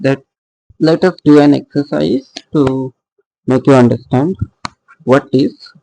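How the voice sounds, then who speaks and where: Slow, gravelly male teacher. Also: mid-range voice, a little mellow, low-quality recording. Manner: hesitant, with frequent fillers and self-corrections; asks the class rhetorical questions and answers them himself. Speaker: literature teacher. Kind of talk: lecture on poetic meter.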